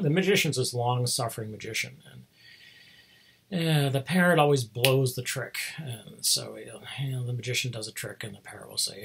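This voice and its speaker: A man's voice: medium pitch, vocal fry, fairly bright tone, breathy edge. A man telling a long, meandering story in a casual, self-deprecating way, chuckling often and losing his thread. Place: home, speaking remotely.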